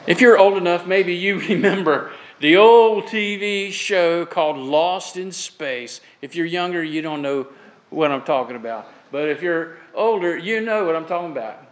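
A man's voice: sits high, animated, moderate pace, low-quality recording. A man from Florida preaching a sermon as pastor, earnest and emphatic, telling folksy stories with humor. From Florida, USA.

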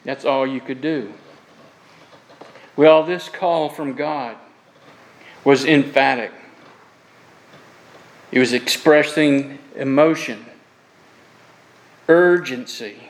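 A man's voice: medium pitch, slow pace, pauses often, poor audio. A man from Florida preaching a sermon as pastor, earnest and emphatic, telling folksy stories with humor. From Florida, USA.

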